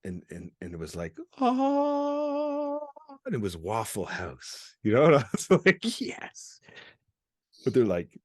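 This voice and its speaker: Deep-voiced rambling storyteller man. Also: very animated, normal speed, few pauses, husky, no room sound, clean studio sound. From Canada. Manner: rambling, profane, laughs often, acts out quoted voices. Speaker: podcast host. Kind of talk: candid storytelling chat.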